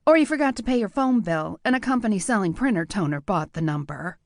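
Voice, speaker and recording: A man voicing a wry, nervous young woman with a clipped Midwestern accent and a quick, smart mouth. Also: high-pitched, expressive, creaky, no echo, clean studio sound, pitched above the performer's own voice. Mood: teasing. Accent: Midwestern American.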